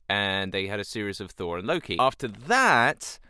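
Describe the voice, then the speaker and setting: Lively, smooth-voiced male voice actor. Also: lowish voice, moderate pace, no echo, studio quality. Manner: chatty, with playful voice demonstrations. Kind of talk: casual voice-acting tutorial.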